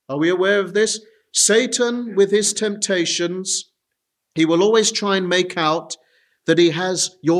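A man preaching an earnest sermon, often turning to his listeners with direct appeals. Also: high-pitched.

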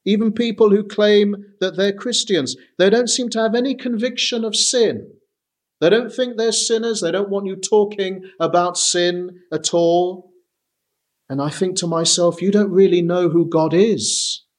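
A man preaching a sermon, reading scripture aloud slowly and stressing his points. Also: sits high, fairly even intonation. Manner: slow and emphatic, reading scripture aloud deliberately.

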